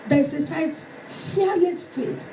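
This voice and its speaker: A woman preacher delivering a fervent sermon, shouting and acting out stories. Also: very high-pitched, takes it slowly, a crowd in the background. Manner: fervent, shouting, dramatic retelling. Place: church hall. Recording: echoey hall from far off with music.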